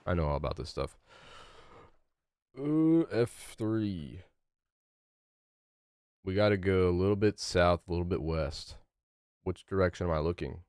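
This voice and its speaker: A man's voice: sits low, fairly even intonation, quick pace, a little mellow, clear, resonant tone, dry recording, clean studio sound. A young man live-streaming a game, chatting loosely with his chat, rambling and swearing casually. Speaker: gaming streamer.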